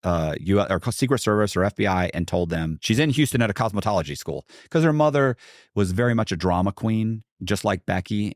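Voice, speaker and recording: A man's voice: lowish voice, animated, a little fast, dry recording, clean studio sound. A middle-aged American man, a podcast guest, telling a long story in a rambling way with many restarts and asides. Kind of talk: casual storytelling.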